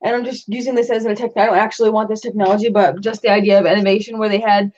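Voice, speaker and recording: A woman's voice: medium pitch, steady tone, racing, darkish tone. A young woman co-hosting a casual chat about video games, talking in a frank, easygoing way and laughing easily. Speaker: podcast co-host. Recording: dull lo-fi sound.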